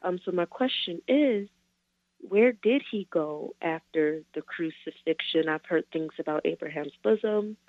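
A woman's voice: fairly low pitch, measured pace, dry recording. Hesitant woman caller on a phone line. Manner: hesitant, many fillers. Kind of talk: call-in question.

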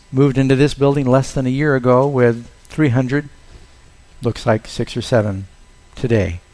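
A man's voice: medium pitch, a little mellow. A man preaching a sermon as pastor, telling stories and acting out the lines he quotes in a raised voice.

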